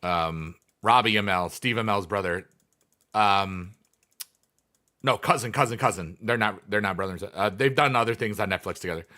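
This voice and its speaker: Brief: bright-toned male streamer, chatty, wandering, full of ums. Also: fairly low pitch, moderate pace. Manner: rambling, many fillers, reads chat aloud. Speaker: livestreamer, former teacher. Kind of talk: casual livestream chat.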